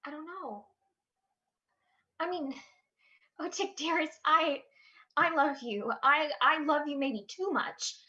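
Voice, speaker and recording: Young actress as a high-voiced, torn college girl, slow and pleading, dull lo-fi radio play. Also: bright, forceful tone, heavily acted. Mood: distressed. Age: young adult. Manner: pleading, hesitant, emotional. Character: young female university student, anxious and torn. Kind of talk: amateur radio drama acting.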